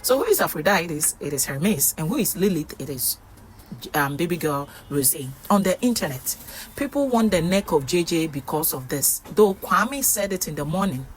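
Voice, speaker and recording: Woman, lowish voice, casual recap commentary, chatty, faint background noise. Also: animated, moderate pace. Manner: chatty storytelling, frequent "um" fillers. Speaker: reality show recap vlogger.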